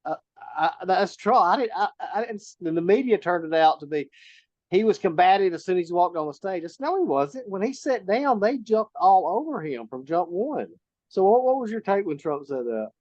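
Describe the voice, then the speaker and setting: A male talk show host chats casually, his voice sitting a bit high. The sound is dry and close, but dull and lo-fi, and he breaks off and restarts his sentences as he goes. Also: animated, a little fast, a little mellow, dry recording. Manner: conversational, many restarts, asks questions. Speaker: podcast host. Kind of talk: casual political chat.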